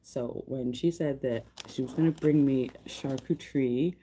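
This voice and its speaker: A woman's voice: a bass voice, unhurried, warm tone, slight background noise. A young woman hosting a casual livestream, chatting and gushing to her viewers with lots of fillers. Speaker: livestream host.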